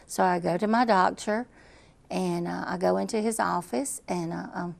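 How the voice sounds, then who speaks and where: A woman's voice: on the low side, steady tone, moderate pace, vocal fry. A middle-aged woman telling a personal story as an interview guest, earnest and repetitive.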